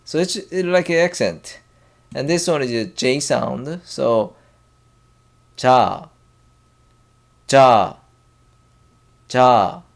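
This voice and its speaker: A man with a Korean accent teaching a language lesson in a slow, halting way, pausing often and drilling syllables aloud. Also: medium pitch, lively intonation, creaky. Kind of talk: casual whiteboard lesson.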